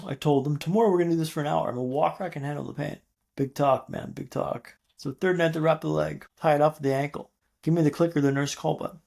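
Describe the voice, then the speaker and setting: A man in his thirties speaks as a podcast guest in a dramatic storytelling way. He builds tension with repeated refrains and pauses. His voice is fairly high and gravelly, and he talks fast. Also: a little mellow. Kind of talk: storytelling interview.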